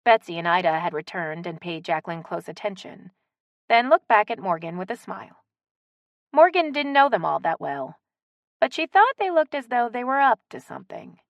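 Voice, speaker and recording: Woman narrating a romance audiobook, lively. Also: medium pitch, moderate pace, dry recording, dull audio. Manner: expressive. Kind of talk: scripted narration.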